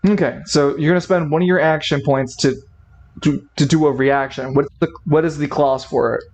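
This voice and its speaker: A man's voice: on the high side, fairly even intonation, moderate pace, a little mellow, poor audio. A man narrating a tabletop role-playing game as game master, often stopping and restarting while he checks the rules.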